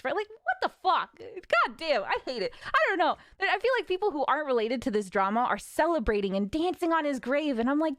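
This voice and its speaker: A young woman streamer ranting casually, frustrated and swearing with nervous laughs, her voice a little raspy from talking. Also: high voice, big pitch swings, fairly quick, few pauses, a bit bright, no room sound, studio quality.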